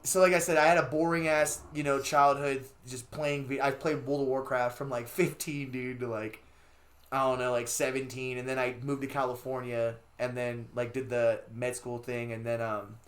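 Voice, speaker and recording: A young man from Los Angeles chats as a guest in a loose, profane interview. He rambles through his story and swears freely, and his voice jumps louder when he gets worked up. His pitch sits in the middle for a man. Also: moderate pace. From Los Angeles, USA. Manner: profane, rambling, loud bursts when excited. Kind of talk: casual interview chat.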